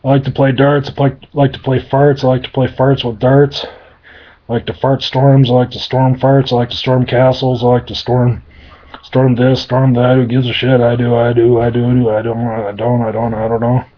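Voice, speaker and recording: A man's voice: mid-range voice, completely flat delivery, moderate pace, lightly acted. A man putting on a babbling demon merchant. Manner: nonstop rhyming babble. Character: rambling male demon merchant, manic and crude. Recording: dull lo-fi sound.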